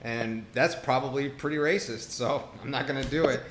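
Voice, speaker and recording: A man's voice: mid-range voice, normal speed. Male co-host, teasing and rambling, roomy recording with faint hiss. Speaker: podcast co-host. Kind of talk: casual chat.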